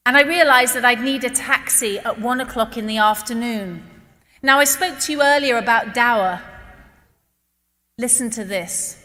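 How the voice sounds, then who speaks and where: A woman tells a story to an audience in a bright, clear voice pitched a little high. She delivers it with animation and acts out every exchange. The long reverb of a large hall trails behind her words. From Britain. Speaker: guest speaker.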